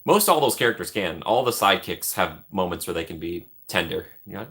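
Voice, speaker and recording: A man hosting a live stream, rambling casually and joking as he thinks out loud while reading the chat. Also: deep voice, animated, a little fast.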